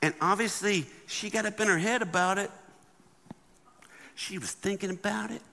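Lively man preaching in a hall. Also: sits high, normal speed, gravelly. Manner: animated, acts out the people in his stories. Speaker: guest speaker. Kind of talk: humorous sermon storytelling. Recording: long hall reverb.

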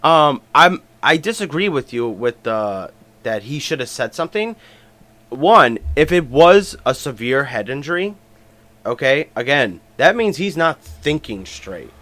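A man co-hosting a laid-back sports chat, mid-pitched and agreeable. He keeps chiming in with yeahs and then makes his own point. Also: very animated, a little slow, fairly bright tone. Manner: agreeable, drops in frequent yeahs. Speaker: podcast co-host.

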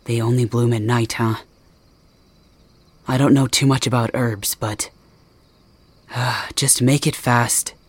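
A man's voice: mid-range voice, steady tone, slow pace, pauses often, breathy edge, no room sound. A man voicing a stern young male guard in an ASMR role-play, firm and scolding but giving in. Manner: firm, scolding, speaks to listener directly.

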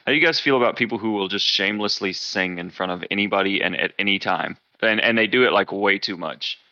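Low bright-voiced blunt man. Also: fast, dry recording, low-quality recording. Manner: blunt, profane, laughs often. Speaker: podcast co-host. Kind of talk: casual chat.

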